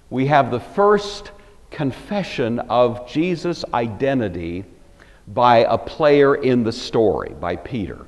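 A man teaching a Bible lecture, telling the story with animated emphasis. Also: mid-range voice, long reverb tail.

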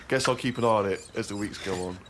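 A man's voice: fairly low pitch, fast talker, over a noisy crowd. A man co-hosting a comedy podcast, reading a diary aloud in a dry way and teasing its author. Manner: dry reading broken by laughter. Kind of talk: comic reading and banter.

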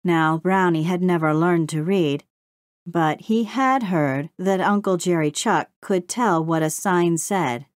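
A woman narrating a children's storybook in a steady, gentle read-aloud manner. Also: on the low side, takes it slowly, dry recording, studio quality. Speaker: audiobook narrator.

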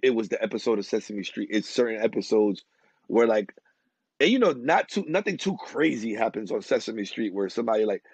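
A man's voice: on the low side, lively intonation, a little fast, slightly rough, dry recording. A man on a podcast as a guest, talking casually and rambling, restarting his sentences often. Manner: rambling, many restarts and fillers. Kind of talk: casual chat. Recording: dry, muffled lo-fi sound.

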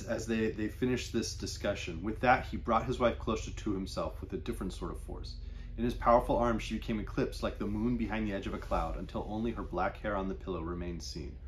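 A man with a low voice talks about a novel he is reviewing. He speaks hesitantly, with many fillers, then reads long descriptive passages aloud at an even pace. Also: a little hiss or hum. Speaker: book reviewer. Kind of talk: book discussion with read-aloud passages.

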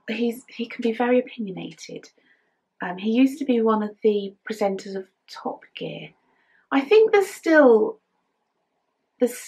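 Hosting her knitting podcast, a middle-aged woman from England chats in a rambling, casual manner with fillers and giggles. Her voice is medium in pitch, creaky and husky, and it sounds tired today.

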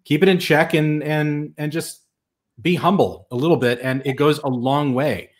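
Male host, relaxed gear-talk chat, hesitant "uh"s throughout. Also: a little high, moderate pace. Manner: easygoing, with frequent hesitations. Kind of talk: casual chat.

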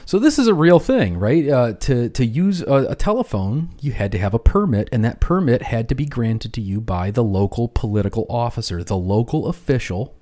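A man's voice: medium pitch, sing-song, normal speed, few pauses, dark tone. A man hosting an educational film commentary, explaining casually with lots of "you know" and "right?".

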